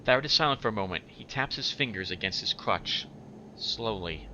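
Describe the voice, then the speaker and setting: A man's voice: lowish voice, expressive, moderate pace, sharp tone, a little hiss or hum. A man hosting a game playthrough, reading the text aloud and apologetic and stumbling over words. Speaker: let's play host.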